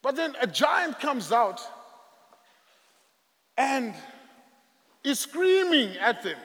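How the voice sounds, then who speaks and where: Male preacher, high and very lively voice, slow emphatic sermon, echoey church hall. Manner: dramatic, emphatic, drawn-out phrasing.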